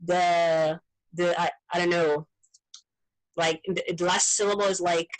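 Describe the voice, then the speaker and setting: A woman whose first language is Portuguese, chatting casually in English in an online group meeting, animated and often repeating words as she searches for them. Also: on the low side, unhurried, poor audio. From Brazil. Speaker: meeting participant.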